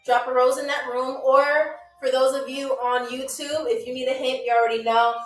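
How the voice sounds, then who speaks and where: A young woman hosting a live-stream trivia game, chatty and playful, teasing viewers by name and repeating phrases slowly. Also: high-pitched, little pitch movement, echoey room, faint music behind, poor audio. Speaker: game show host.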